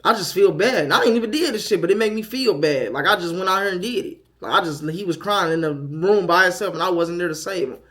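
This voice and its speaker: A young man talking candidly to camera as a first-time father, frank and profane, moving from quiet self-doubt to loud, animated storytelling. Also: high voice, fast talker, few pauses.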